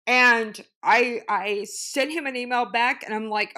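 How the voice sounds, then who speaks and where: A woman's voice: fairly high pitch, steady tone, a little slow, hardly any pauses, pushed and bright. A woman actress telling an upsetting personal story in an interview, agitated and swearing, with many fillers. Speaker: actress and guest.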